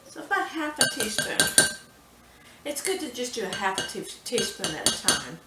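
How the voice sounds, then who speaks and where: Hosting a casual cooking tutorial from her echoey home kitchen, a woman with a drawl and a fairly high, sing-song voice takes her time and chats easily, with plenty of "y'all." The distant mic catches a lot of noise, including the soft clatter of dishes behind her.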